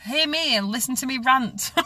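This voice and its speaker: A woman's voice: mid-range voice, sharp tone, a little hiss or hum. A woman ranting to camera in an emphatic, exasperated vlog. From Northwich, England. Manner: emphatic and exasperated, rapid-fire. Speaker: vlogger.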